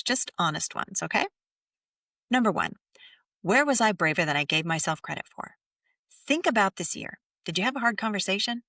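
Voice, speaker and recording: Soft-spoken woman podcast host, dry sound. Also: on the low side, no room sound, recorded from a distance. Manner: soft, slow and soothing, drops to near whispers. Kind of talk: gentle guided reflection.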